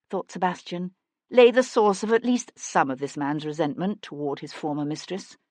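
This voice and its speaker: A woman narrating a historical mystery audiobook in a measured, expressive storytelling manner, close to the mic. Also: lowish voice, dry recording. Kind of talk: scripted narration.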